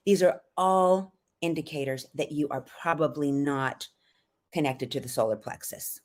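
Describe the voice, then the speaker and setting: A middle-aged woman voice coach teaching on a podcast, calm and earnest, explaining breathing step by step. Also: low-pitched, normal speed.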